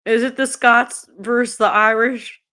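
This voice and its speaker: A woman's voice: fairly high pitch, fairly even intonation, unhurried, bright, forceful tone, clear, resonant tone. Woman chatting on a live stream. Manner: laughs often, swears freely, answers the chat. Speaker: livestreamer. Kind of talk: casual live-stream chat.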